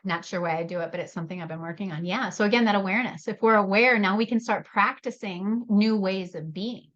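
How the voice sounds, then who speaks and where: Woman running a workshop, chatty and lively, laughs a lot, kinda muffled call audio. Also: medium pitch, quick pace. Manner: animated, laughs often, addresses attendees by name. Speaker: leadership workshop host. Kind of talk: live workshop talk.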